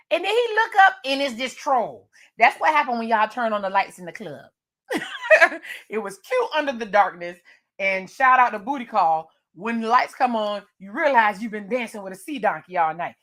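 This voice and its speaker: A woman's voice: fairly high pitch, sing-song, normal speed, a bit bright. A woman recapping a horror movie with jokes and slang, laughing often. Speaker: movie reviewer.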